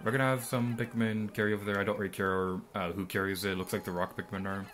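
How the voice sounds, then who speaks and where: A man's voice: lowish voice, flat delivery, fast, fairly bright tone. A young man giving rambling, mildly sarcastic let's-play commentary, full of ums and asides. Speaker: gameplay commentator.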